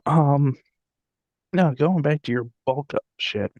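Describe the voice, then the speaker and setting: A man's voice: on the high side, slow, darkish tone, no echo, lo-fi sound. A young man co-hosting a podcast in casual chat, joking and laughing often. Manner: laughs often, jokey, puts on silly voices for quotes. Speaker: podcast co-host.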